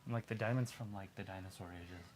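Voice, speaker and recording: A man co-hosting a casual watch-along stream, reacting with jokes and sudden excited outbursts. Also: fairly low pitch, fast. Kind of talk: casual chat, live reactions.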